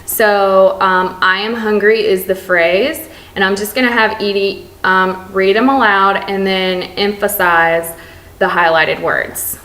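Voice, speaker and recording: A woman's voice: medium pitch, fairly even intonation, slow pace, sharp tone. Young woman demonstrating therapy drills, roomy sound. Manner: explanatory, with frequent um fillers. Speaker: speech therapy student clinician. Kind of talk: recorded teaching demonstration. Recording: roomy echo.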